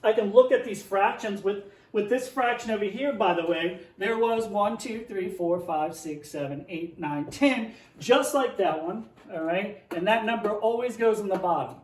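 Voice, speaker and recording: A man's voice: high-pitched, moderate pace, few pauses, roomy sound, recorded from a distance. A man teaching young children, playfully reading a tongue-twister picture book aloud and then explaining a math lesson at a board.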